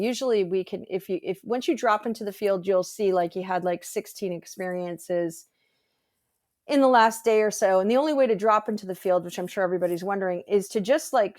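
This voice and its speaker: A woman, guest and energy healer, telling a personal story in an animated, earnest way on a video call. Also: mid-range voice, dry recording, studio quality. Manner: animated, earnest, rambling with fillers. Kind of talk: casual storytelling conversation.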